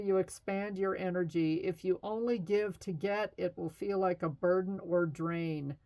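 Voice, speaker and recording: A middle-aged woman giving a casual tarot reading in a chatty, reassuring way, with fillers and light laughs. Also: medium pitch. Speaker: tarot reader.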